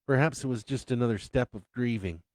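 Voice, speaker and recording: A man, an author, reading his own first-person story in an unhurried, reflective way. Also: medium pitch, no room sound.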